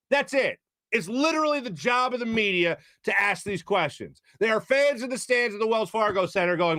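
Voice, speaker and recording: High-voiced man ranting about sports. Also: a little fast, fairly bright tone, no room sound, studio quality. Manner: heated, exasperated, quotes people in mock voices. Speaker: sports talk show host. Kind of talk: opinionated sports talk rant.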